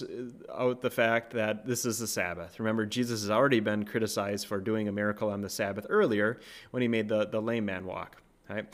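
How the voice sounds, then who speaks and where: A man giving a casual, conversational sermon, retelling a Bible story, often asking "right?" and lifting his voice for quoted lines. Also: medium pitch. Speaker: preacher.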